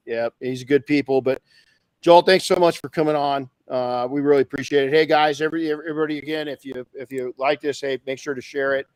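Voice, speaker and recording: A man's voice: medium pitch, steady tone, a little fast, no echo, rough recording. Upbeat podcast host man, dry close sound. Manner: enthusiastic, repeats words, says "man" often. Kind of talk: casual chat.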